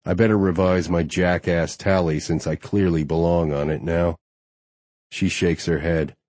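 A man's voice: deep voice, steady tone, measured pace, darkish tone, no echo. A man narrating a romance audiobook in first person, intimate and wry.

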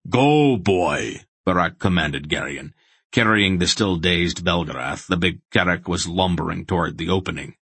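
A man narrating a fantasy audiobook in a dramatic, measured storytelling manner. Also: low-pitched, sharp tone, breathy edge, no room sound.

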